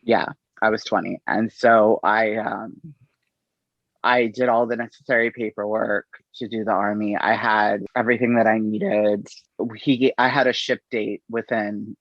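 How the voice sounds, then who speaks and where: A middle-aged man, an interview guest, telling his story in an unhurried, halting way and acting out the exchanges he quotes. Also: lowish voice, dry recording. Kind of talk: conversational storytelling. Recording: dull, slightly lo-fi audio.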